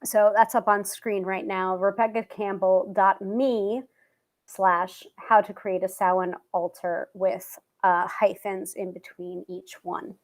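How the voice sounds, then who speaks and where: A woman's voice: medium pitch, flat delivery, slow pace. A woman hosting a live tarot stream, talking casually with many fillers and restarts.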